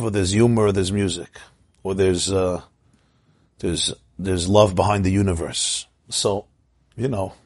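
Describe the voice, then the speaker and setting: A man's voice: fairly low pitch, breathy edge, no room sound. A man teaching an informal Torah class, telling stories, asking his listeners questions and chanting Hebrew verses.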